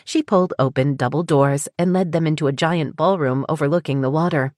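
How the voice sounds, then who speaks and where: Low, steady woman narrating a novel. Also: fairly quick, few pauses, no room sound, studio quality. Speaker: audiobook narrator. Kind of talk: scripted narration.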